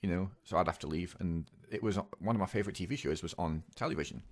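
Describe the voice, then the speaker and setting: Speaking in a low voice, a young vlogger confides in a personal monologue. His halting manner shows in the many pauses and times he begins again.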